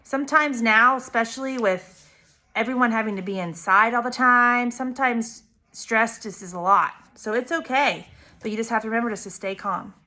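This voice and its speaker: A woman, a preschool teacher, reading a picture book aloud to young children and pointing out the pictures. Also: fairly high pitch. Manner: slow, expressive, pointing out pictures to kids.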